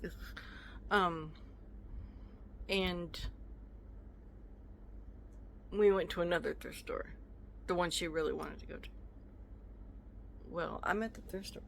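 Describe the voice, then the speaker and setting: A woman vlogger telling a casual storytime rant, indignant and animated, acting out both sides of an argument and drifting off on side comments. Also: on the low side, slow, vocal fry, long pauses, slight background noise. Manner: indignant, animated retelling with acted-out quotes; rambling, stops mid-story to chat.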